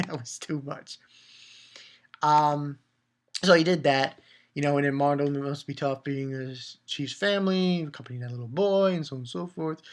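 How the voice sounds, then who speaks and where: Rambling man chatting through a manga chapter. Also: normal speed. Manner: rambling, chuckling, jumps into higher voices for quoted characters. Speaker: manga reviewer. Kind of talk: casual chapter review.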